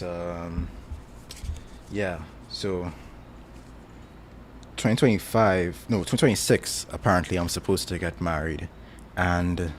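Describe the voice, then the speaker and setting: A man's voice: low voice, slight background noise. A young man with a Trinidadian accent, casually chatting on a stream, rambling and self-deprecating with frequent chuckles. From Trinidad and Tobago.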